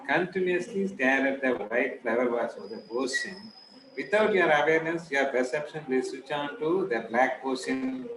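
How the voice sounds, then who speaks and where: Animated Indian lecturer, echoey room. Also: male voice, mid-range voice, moderate pace. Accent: Indian English. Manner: animated storytelling, acts out quoted voices. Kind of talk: informal lecture on stress and self-talk. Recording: echoey room, noisy background.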